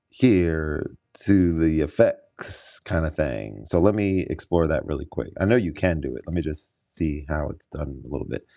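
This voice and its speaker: A man with a low-sitting voice livestreams as a music producer, chatting casually and thinking out loud in a relaxed way while he tweaks his gear.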